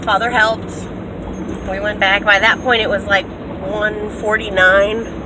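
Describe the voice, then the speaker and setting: Young woman, casual storyteller, mid pitch, recorded in a car with clear road noise. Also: takes it slowly. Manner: animated storyteller, acts out quotes with big pitch jumps.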